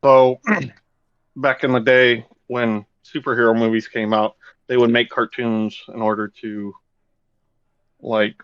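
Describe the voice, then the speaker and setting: A man hosting a podcast in an easygoing, rambling chat, cursing casually as he goes. His voice sits at a middle pitch. The recording is dull and lo-fi, with a dry, close sound. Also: little pitch movement, takes it slowly, pauses often, fairly bright tone, clear, resonant tone, dry recording. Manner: loose, rambling, swears freely. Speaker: podcast host.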